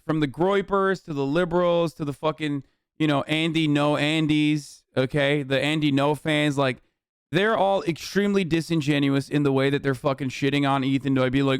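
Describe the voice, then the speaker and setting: A man's voice: on the high side, moderate pace, clean tone, dry recording. A man streaming reaction commentary, ranting in a heated, profane and sarcastic way into a close mic. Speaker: live streamer.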